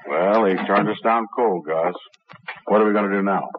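An actor playing an easygoing, folksy young radio performer in a 1950s radio drama. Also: male voice, on the low side, normal speed, very noisy, natural voice. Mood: worried. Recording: tinny old radio broadcast.

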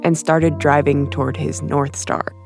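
Reporter voice, mid pitch, measured scripted narration, soft music behind. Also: flat delivery, creaky. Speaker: radio reporter.

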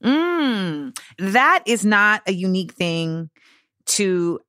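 An American woman hosting a podcast, chatting casually with quick reactions and laughing asides. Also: mid-range voice, expressive, pushed and bright, dry recording, clean studio sound. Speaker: podcast host.

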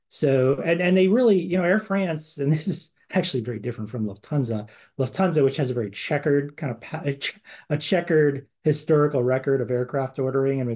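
A man's voice: mid-range voice, a little mellow. A man co-hosting a podcast, talking in a casual conversational way with many fillers and restarts. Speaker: podcast co-host. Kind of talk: casual chat.

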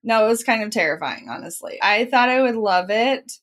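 A woman co-host talks in relaxed, casual chat, her voice a little high and swinging lively up and down. She tells stories animatedly, peppered with "like", and her voice is still on the mend after being lost. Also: a little fast. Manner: animated storyteller, lots of "like". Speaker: podcast co-host.

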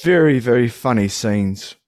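A man hosting a casual podcast chat, his pitch bouncing in a lively way as he laughs and restarts his sentences. The sound is dry and close. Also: unhurried, no echo. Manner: chatty, laughs often, restarts. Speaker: podcast host.

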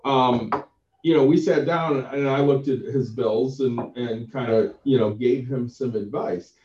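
Podcast guy musing about friends, calm mellow voice, dull far-off sound. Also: medium pitch, measured pace. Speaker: podcast co-host. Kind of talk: casual chat. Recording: roomy, distant, dull sound.

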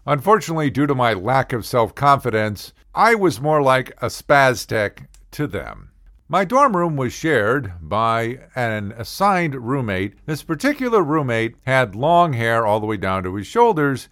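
A man's voice: mid-range voice, sing-song, measured pace, fairly bright tone, no room sound, clean studio sound. An older man telling wry, self-deprecating comic stories about his college days. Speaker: comedic storyteller. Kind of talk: humorous personal storytelling.

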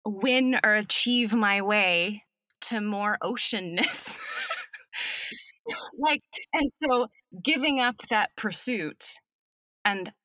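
A woman speaking as an acting professor guest in a reflective podcast conversation, thoughtful and unhurried, with soft laughs. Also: medium pitch, no echo.

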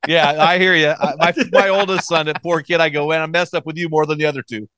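A man with a fairly high voice hosts a casual talk. He asks his questions loosely and backs his guest with quick agreement. The sound is dry and close. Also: fairly even intonation, bright, forceful tone, clean tone, no echo. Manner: affirming, quick agreeing interjections. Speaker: podcast host. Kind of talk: casual interview chat.

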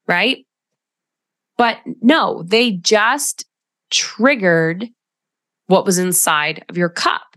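A woman's voice: lowish voice, fairly bright tone, no room sound. Direct, coaching podcast woman, dry close sound. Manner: direct, coaching tone with emphatic asides. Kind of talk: solo podcast talk.

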